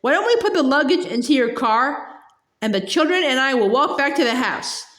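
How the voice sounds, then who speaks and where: A woman's voice: high voice, expressive, normal speed, fairly bright tone, reverberant, voice pushed up. Mister Poe, a woman reading as a fussy stern man. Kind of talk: reading a storybook aloud.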